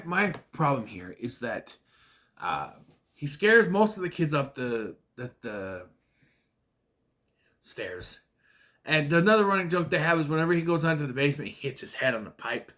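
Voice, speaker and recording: A man casually recapping a sitcom episode, rambling and quoting characters in quick asides. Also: mid-range voice, bright, forceful tone. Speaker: retro TV show reviewer.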